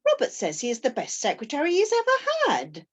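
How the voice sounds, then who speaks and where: An actress playing an earnest, proper young wife who gently reproves her friend. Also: sits high, wildly swooping pitch, fairly quick. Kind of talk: stage play performance.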